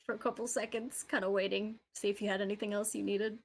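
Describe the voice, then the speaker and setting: A woman's voice: mid-range voice, flat delivery, fast talker. A woman narrating a tabletop game as game master, casual with frequent fillers.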